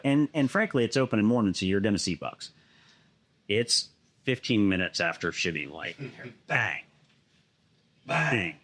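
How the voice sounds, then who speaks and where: A man casually telling a long hunting story, swearing often and acting out what others said. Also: fairly low pitch. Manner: animated, swears a lot, acts out other people's lines.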